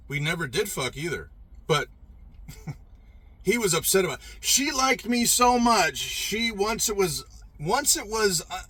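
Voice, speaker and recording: Husky, animated man telling a story. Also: high voice. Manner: rambling, profane, emphatic, frequent restarts. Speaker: podcast host telling a personal story. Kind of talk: casual storytelling monologue.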